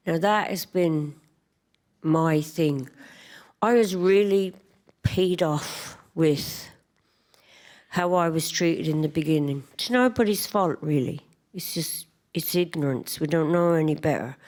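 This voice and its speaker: An Irish woman giving a personal testimony talk at a conference, telling her story in a lively, chatty way with quick asides. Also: on the low side. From Ireland. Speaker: conference speaker.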